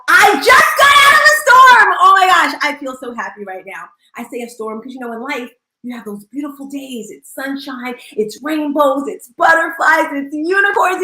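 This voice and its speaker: A woman hosting a live audio room, talking in an energetic, bubbly, animated way. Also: fairly high pitch, roomy sound, rough recording. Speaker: host.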